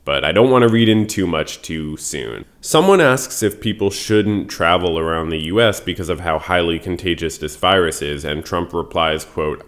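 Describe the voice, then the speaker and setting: A man delivering scripted commentary voice-over in a dry, wry and analytical way. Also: low-pitched. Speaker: video commentator.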